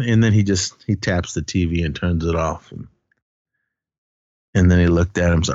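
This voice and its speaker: A man hosting a podcast, casually recapping a film in animated storytelling and acting out the characters' lines. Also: sits low, moderate pace, no echo, muffled recording. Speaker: podcast host.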